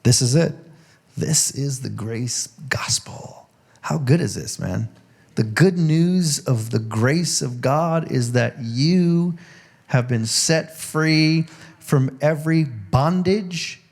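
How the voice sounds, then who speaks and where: A man's voice: a little high, lively intonation, slow pace, vocal fry, a little mellow. A male pastor giving a conversational sermon in a church, joking and laughing as he goes. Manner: conversational, jokey, laughs often. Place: church sanctuary.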